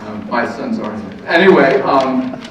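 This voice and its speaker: A middle-aged man, a counselor giving a lively, anecdotal parenting talk to a live audience and laughing easily. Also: medium pitch, a little slow, background noise. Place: meeting room with audience. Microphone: distant room mic. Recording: echoey room, far-off muffled mic.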